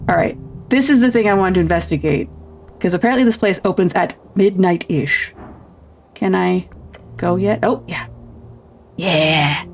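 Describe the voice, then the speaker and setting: A woman's voice: mid-range voice, darkish tone, slight background noise. A woman streamer chatting casually while reading a game's narration aloud. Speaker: game streamer. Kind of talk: reading and playing a game on stream.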